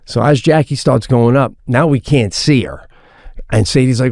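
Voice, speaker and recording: A middle-aged man co-hosting a podcast, telling a family story in a casual, animated way and swearing freely. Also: medium pitch, normal speed, no echo, clean studio sound. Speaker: podcast co-host.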